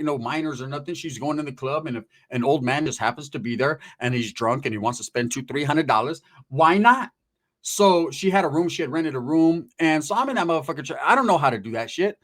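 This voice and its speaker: A man spinning a long comic tale from his own life at a quick clip. His talk is slangy and profane, full of asides and check-ins with the listener. The delivery is loose and conversational, like a storyteller holding court. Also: fairly high pitch. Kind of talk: casual comedic anecdote.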